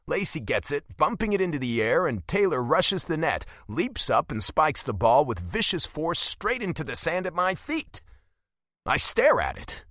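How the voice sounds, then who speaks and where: Expressive bright male audiobook narrator. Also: mid-range voice, no echo, clean studio sound. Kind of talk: scripted first-person narration.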